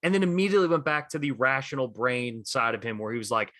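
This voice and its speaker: A man's voice: mid-range voice, fairly even intonation, fast talker, hardly any pauses, pushed and bright, no room sound. A man co-hosting a casual sports podcast, retelling stories with enthusiasm and lots of fillers. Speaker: podcast co-host.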